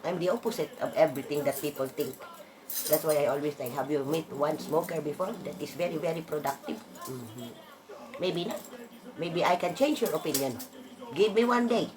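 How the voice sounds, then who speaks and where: A woman's voice: sits low, fairly quick, a crowd in the background. A woman in a casual monologue, blunt and emphatic, swearing freely as she rants. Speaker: vlogger.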